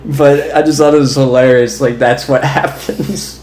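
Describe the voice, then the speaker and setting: A young man co-hosts a casual podcast chat, telling long stories in a rambling, amused way and laughing as he talks. His voice sits at an ordinary middle pitch. The sound carries a roomy echo with a faint hiss underneath. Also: fairly even intonation, moderate pace, a little mellow. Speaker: podcast co-host.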